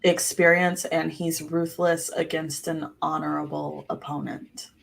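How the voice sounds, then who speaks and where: A woman co-host chatting casually. Her voice sits on the low side and she speaks slowly, pausing and restarting as she works out her point. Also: little pitch movement, creaky. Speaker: podcast co-host. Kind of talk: casual chat.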